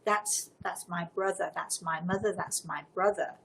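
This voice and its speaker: A woman's voice: on the low side, steady tone, normal speed, a bit bright, husky. A woman voicing a polite, persistent young man's spirit who keeps asking for her help, in close to her own voice. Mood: pleading. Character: insistent young male spirit, pleading.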